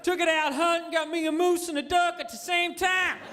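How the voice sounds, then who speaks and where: A male comedian voicing a boastful gun-loving redneck in a slow, drawling brag, on a noisy stand-up recording. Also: very high voice, fairly even intonation, long reverb tail, pitched above the performer's own voice.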